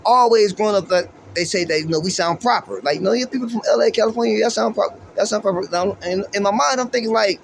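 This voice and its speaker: A man's voice: sits high, quick pace, creaky, few pauses, a little hiss or hum. A man from Los Angeles, hosting and musing in a laid-back, rambling way, with heavy slang, profanity and plenty of fillers. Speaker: podcast host. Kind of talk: casual street-slang musing.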